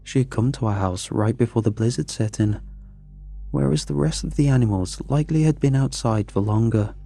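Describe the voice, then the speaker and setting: A man narrating a scripted horror story in a measured, suspenseful way. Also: medium pitch, gravelly, mellow, faint music behind.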